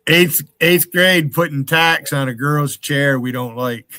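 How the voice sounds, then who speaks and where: A man's voice: a little high, unhurried, bright, forceful tone. A man in his sixties hosting a casual live stream chat, joking and laughing at himself. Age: 60s. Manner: laughs often, self-mocking.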